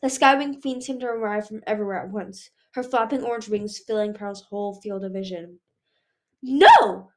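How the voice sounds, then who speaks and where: A woman's voice: mid-range voice, fairly even intonation, fairly quick, few pauses. A woman narrating a fantasy novel as an amateur audiobook reader, stumbling and restarting words now and then. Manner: reads with frequent slips and restarts.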